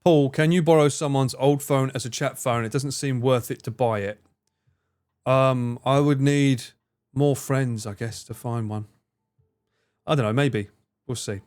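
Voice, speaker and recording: A man hosts a relaxed live stream, rambling loosely, dropping casual swears, and answering viewers by name as he reads their messages. His voice sits at an ordinary middle pitch, and he speaks a little slowly.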